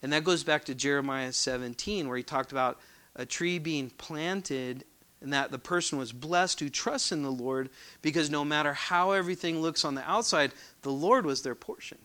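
A man delivering a sermon to his congregation. His voice is bright and forceful, a touch higher than most men's. He talks earnestly and doubles back on words to drive each point home. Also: moderate pace. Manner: earnest, repeats words as he builds emphasis. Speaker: pastor.

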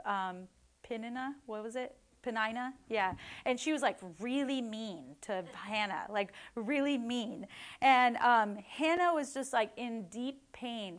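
A woman giving a casual devotional Bible teaching in a chatty way, tagging "right?" and "like," and acting out the people she quotes. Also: fairly high pitch. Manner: chatty, many "like" and "right?" tags; acts out quoted people with lively voices.

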